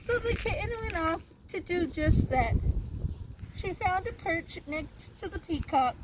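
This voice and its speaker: A woman's voice: very high-pitched, expressive, unhurried, noisy background. A woman teacher reading a picture book aloud to children, stopping to ask her young listeners questions.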